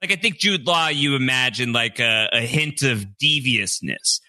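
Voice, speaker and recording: A man chatting casually on a podcast, wry and quick with a joke. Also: mid-range voice, sharp tone, no room sound. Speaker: podcast co-host. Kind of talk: casual chat.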